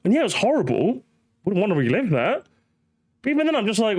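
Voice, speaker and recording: A man's voice: high-pitched, big pitch swings, brisk, slightly rough. A young man hosting a reaction commentary, ranting, mocking and swearing as he talks. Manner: ranting, mocking, profane, laughing. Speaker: commentary host.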